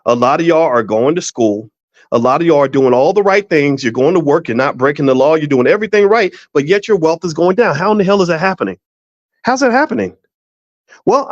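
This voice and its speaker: A man's voice: mid-range voice, dry recording. Emphatic man on a dull, dry recording. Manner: emphatic, repetitive restarts, storytelling with exaggerated voices. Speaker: finance educator and show host. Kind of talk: casual direct-to-camera commentary.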